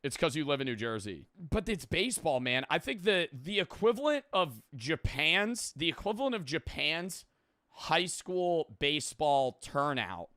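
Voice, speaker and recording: A man's voice: a little high, big pitch swings, unhurried, sharp tone, no room sound, clean studio sound. Rambling, profane young streamer guy. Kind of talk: casual reaction chat.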